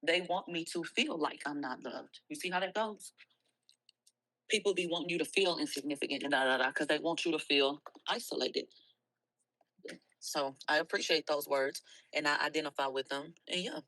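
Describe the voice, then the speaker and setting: A woman hosting a livestream, talking bluntly and with a lot of profanity, soft and tearful at times and then loud again. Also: low voice, normal speed, rough recording. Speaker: livestream host. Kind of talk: emotional early-morning livestream rant.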